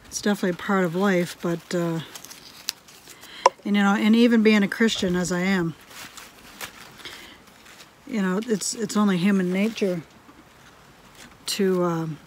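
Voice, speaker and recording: A woman vlogger talks through a craft project at home in a relaxed, unrushed way. Her voice sits at an ordinary middle pitch, and she laughs easily between sentences. She slips into murmured asides to herself while she works. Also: unhurried, pauses often, a little hiss or hum. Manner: drifts into quiet asides while working. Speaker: homestead vlogger. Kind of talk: casual chat while crafting.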